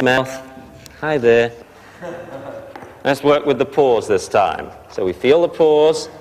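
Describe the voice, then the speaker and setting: A man teaching a dog training class, explaining briskly and barking short sharp commands at the dogs. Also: medium pitch. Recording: long hall reverb.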